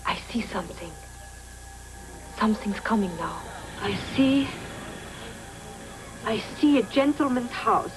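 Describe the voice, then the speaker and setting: An actress playing an entranced female fortune-teller with a put-on Hungarian-style accent, wailing and rising to shrieks over loud music in a TV clip. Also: on the high side, lively intonation, a little slow, pauses often, poor audio. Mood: trance.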